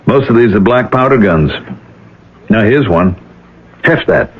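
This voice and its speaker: A haunted, brooding ex-convict. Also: male voice, lowish voice, lively intonation, measured pace, breathy edge. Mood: casual. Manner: tormented, brooding, bursts of shouting. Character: haunted ex-convict man, tormented, tense. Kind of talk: 1970s radio drama acting. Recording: tinny old radio broadcast with faint hiss.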